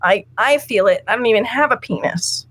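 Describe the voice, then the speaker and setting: A woman's voice: a little high, brisk, fairly bright tone, husky, dry recording. A woman co-hosting a casual chat about a comic, frank and giggly, acting out lines as she goes. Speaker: podcast co-host.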